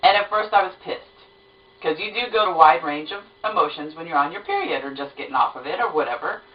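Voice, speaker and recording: A woman's voice: low voice, fast. A woman vlogger chatting to camera, retelling a story. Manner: chatty, animated retelling with lots of fillers. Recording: roomy, distant, dull sound.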